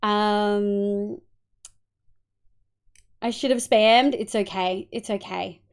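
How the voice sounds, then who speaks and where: A woman's voice: mid-range voice, fairly even intonation, drawn-out words, clean tone. A young Australian woman streaming live, chatting casually and greeting her viewers one by one. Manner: greets chat warmly by name, swings into loud playful outbursts.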